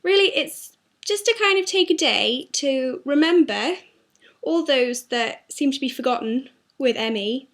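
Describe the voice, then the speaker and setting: A woman's voice: high voice, expressive, unhurried, a bit bright. A young woman talking earnestly and apologetically in a personal video diary, her throat sore. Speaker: vlogger.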